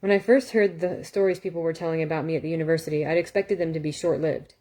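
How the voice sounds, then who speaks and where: A woman reading a novel aloud in a calm, steady way, with small self-corrections and asides. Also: sits low, fast. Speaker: audiobook reader.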